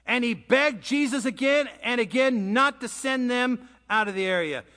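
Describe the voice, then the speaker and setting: A male preacher with a high-pitched voice telling a story in casual, conversational sermon style, swinging between hushed and emphatic lines. His voice trails off into the long reverb of a church sanctuary. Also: normal speed.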